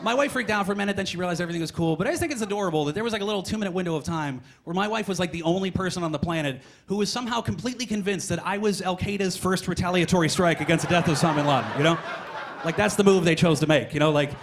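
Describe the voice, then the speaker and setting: A young male comedian on a club stage, racing through his stand-up set. His voice sits high for a man, and he talks in quick, rambling bursts broken up by exasperated asides. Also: a little hiss or hum.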